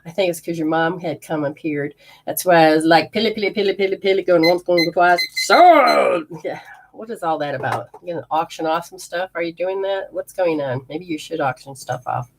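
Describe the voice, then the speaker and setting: A woman's voice: deep voice, normal speed, noisy background. A woman hosting a casual live spirit reading, rambling, laughing often and acting out what the spirits say. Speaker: spiritual healer and medium.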